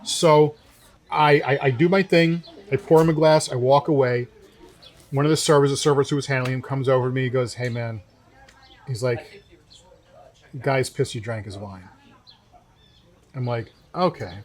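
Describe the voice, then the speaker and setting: A young man, co-host of a show, casually telling a story and acting out the people in it with lively quotes. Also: medium pitch, a little fast. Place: winery.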